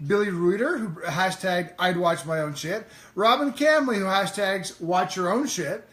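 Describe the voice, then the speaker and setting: A man's voice: high-pitched, moderate pace, a bit bright, echoey room. A man co-hosting a live show in casual, joking chat, swearing freely. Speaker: co-host.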